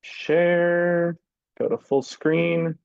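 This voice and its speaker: A birding guide giving a casual slideshow lecture over a video call, relaxed and full of ums and uhs. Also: male voice, a little high, very slow, gravelly, dry recording. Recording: dull, dry lo-fi sound.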